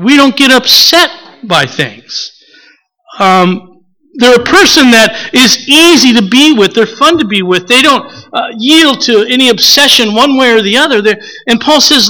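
A man from the preaching a relaxed, conversational sermon, often pausing with filler words and acting out little stories. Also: extremely high pitch, low-quality recording. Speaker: pastor.

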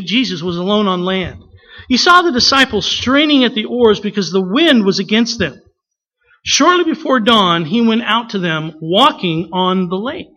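A man preaching a sermon with animated storytelling and humorous asides, acting out the people in the story. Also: very high voice, low-quality recording. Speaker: pastor.

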